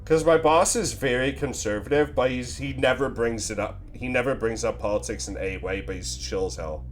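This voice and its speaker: A man's voice: mid-range voice, a little fast, faint music behind. A young man streaming, telling a rambling, profane, self-deprecating story in a casual way into a desk mic.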